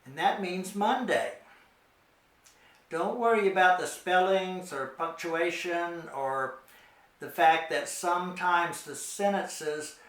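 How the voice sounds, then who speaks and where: A middle-aged man giving a slow, patient Spanish lesson for children, repeating each word carefully. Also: on the high side, a bit bright, echoey room. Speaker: Spanish teacher.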